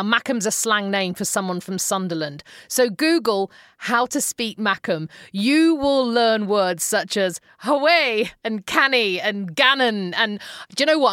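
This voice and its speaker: An English woman hosting a podcast, telling stories in a chatty, amused and expressive way. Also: mid-range voice, no echo, clean studio sound. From England. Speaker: podcast host. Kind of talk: casual storytelling monologue.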